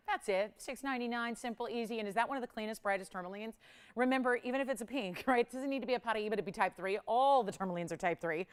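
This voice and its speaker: A woman's voice: on the high side, smooth. A woman hosting a live jewelry shopping show from a studio, chatting upbeat and laughing often as she sells. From Los Angeles area resident. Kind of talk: live on-air sales chat. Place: television studio.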